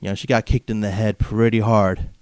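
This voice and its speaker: A man's voice: on the low side, flat delivery, brisk, darkish tone, smooth, no echo, studio quality. A man from Southern California hosting a comedic wrestling podcast, brash and mocking, padding his rants with filler phrases. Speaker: podcast host.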